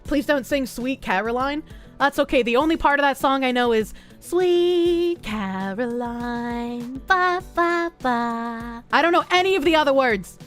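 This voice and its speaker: A high-pitched woman with a thick Boston accent chats loosely with her viewers and swears freely. Faint music runs quietly under her voice. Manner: loose, profane, quick to laugh. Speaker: streamer. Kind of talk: casual chat reading viewer comments.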